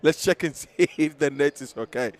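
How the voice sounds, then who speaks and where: A man commentating live on a futsal match, excitable, laughing often and losing his voice. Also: fairly high pitch, moderate pace. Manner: excitable, shouting at big moments, laughing often.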